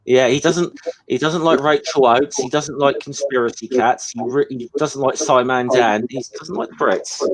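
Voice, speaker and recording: A man's voice: medium pitch, fairly even intonation, normal speed, slight background noise, poor audio. British male guest, chatty and teasing, casual talk. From Britain. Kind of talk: casual chat.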